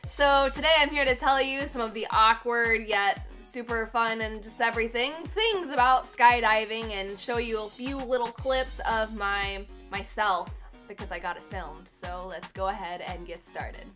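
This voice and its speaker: Perched on a cardboard box indoors, a young woman vlogs to her camera in a slightly high, sharp-toned voice at a normal speed with barely any pauses. She's giggly and pokes fun at herself as she tells viewers a story in a casual chat. Soft music plays behind her.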